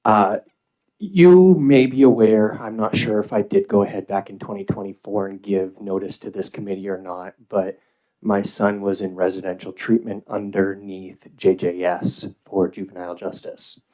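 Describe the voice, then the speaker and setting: A man testifying before a committee in a very low, flat voice. He speaks in a formal, measured way with occasional fillers. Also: poor audio. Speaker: public witness at a legislative hearing.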